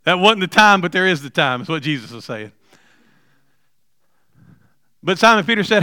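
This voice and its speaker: A middle-aged man preaching a sermon, telling stories with humor and building to loud, emphatic points. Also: high-pitched, very animated, fast, clear, resonant tone, dry recording, clean studio sound. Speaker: pastor.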